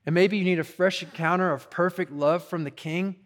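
A man's voice: sits high, steady tone, a little fast. A male pastor preaching a sermon in a conversational, urgent way, full of "like" and "you know".

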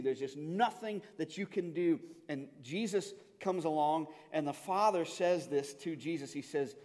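A man preaching a sermon as a pastor, earnest and often stammering, moving between loud pleading passages and hushed, reflective ones. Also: a little high. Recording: long hall reverb.

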